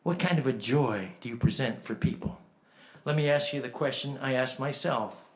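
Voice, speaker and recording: Delivering a sermon built around a story, this man speaks at medium pitch and a moderate pace. He moves between hushed and emphatic moments and puts direct questions to his listeners.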